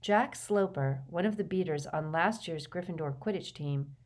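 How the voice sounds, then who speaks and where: A woman narrating a novel as an audiobook, in a steady, measured storytelling manner. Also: on the low side. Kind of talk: scripted narration.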